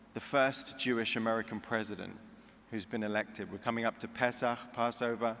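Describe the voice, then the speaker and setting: A man's voice: mid-range voice, a bit bright. Man speaking in a reverberant hall. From United Kingdom. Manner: anecdotal, joke-telling. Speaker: convention speaker. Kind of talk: public speech with anecdotes. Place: large convention hall.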